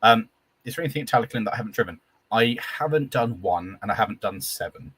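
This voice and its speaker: Husky low-voiced man chatting on a stream. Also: lively intonation, fast talker, a bit bright. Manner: chatty, stumbling restarts, enthusiastic about engines. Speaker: guest. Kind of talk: casual live-stream chat.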